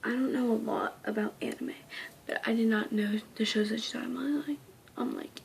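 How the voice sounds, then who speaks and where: Young girl with a high voice doing a rambly storytime, whispers a lot then squeals, faint hiss behind. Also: steady tone, a little fast, creaky, darkish tone. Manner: rambling, dips into whispers and squeals when quoting. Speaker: vlogger. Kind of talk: casual storytime.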